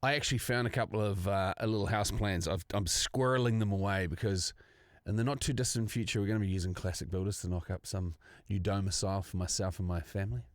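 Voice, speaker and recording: A man's voice: lowish voice, steady tone, quick pace, hardly any pauses, no echo, clean studio sound. An Australian man co-hosting a casual podcast, matey, laughing and swearing. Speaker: podcast co-host.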